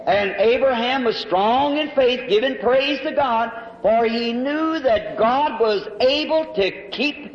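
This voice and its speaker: A man preaching a sermon in a fervent, folksy storytelling way, recorded in a large hall at an evening service. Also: very high voice. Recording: dull lo-fi echoey hall recording.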